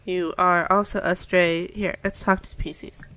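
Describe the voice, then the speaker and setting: A young woman on the low side of the pitch range speaks at normal speed in a level, somewhat bright voice, with slight background noise. She's doing chatty let's-play commentary and cooing at her game's pets.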